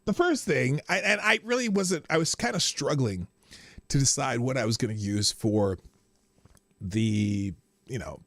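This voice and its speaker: A man's voice: medium pitch, bright, forceful tone, no room sound. A man hosting a casual live stream, rambling about his day and greeting viewers by name. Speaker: livestream host.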